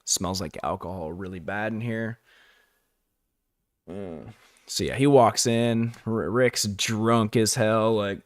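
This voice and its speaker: A man's voice: fairly low pitch, steady tone, slow, dry recording, clean studio sound. A man giving a casual, rambling live-stream recap, full of fillers and chuckling asides.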